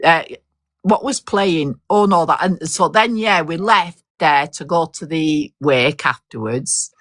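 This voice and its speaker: A woman's voice: low voice, unhurried, a bit bright, dry recording, studio quality. An older woman, telling a long story in casual chat, swearing mildly and laughing often. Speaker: host.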